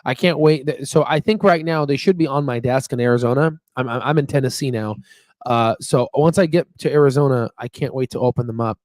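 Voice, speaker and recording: A man's voice: mid-range voice, brisk, darkish tone, dry recording, studio quality. A man hosting a casual live stream about stocks, rambling and upbeat with lots of fillers and "you know what I mean.". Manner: upbeat and chatty. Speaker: stock market channel host.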